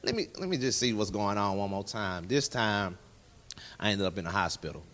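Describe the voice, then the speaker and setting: Animated man sharing his testimony. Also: lowish voice, a little fast. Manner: animated storyteller who acts out dialogue in other voices. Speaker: interview guest. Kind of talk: candid personal testimony in a casual interview.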